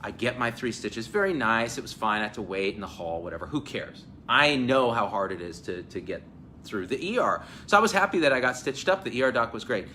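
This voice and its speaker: A man in his forties from New Jersey, hosting an energetic live chat at a hotel event and telling stories with acted-out quotes. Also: medium pitch, brisk, slight background noise. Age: 40s. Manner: animated, storytelling, acts out quotes. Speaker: host. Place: hotel event space with crowd.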